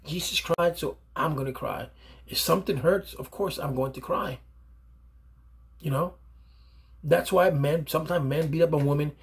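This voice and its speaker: A man's voice: fairly high pitch, normal speed, long pauses, breathy edge. A man, a father, giving earnest, emphatic advice to other fathers off the cuff, often repeating himself and restarting phrases. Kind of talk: unscripted advice monologue.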